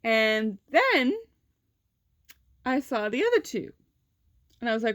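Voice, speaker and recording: A woman's voice: fairly high pitch, sing-song, slow pace, long pauses, fairly bright tone, dry recording, clean studio sound. A young adult woman vlogger telling a personal story in a casual, chatty way, full of fillers.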